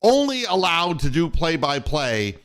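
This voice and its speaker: A man's voice: a little high, big pitch swings, a little slow, a bit bright, clean tone. An older man hosting a casual sports talk show, telling rambling, profane stories from his years running a radio station. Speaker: podcast host and former radio station boss.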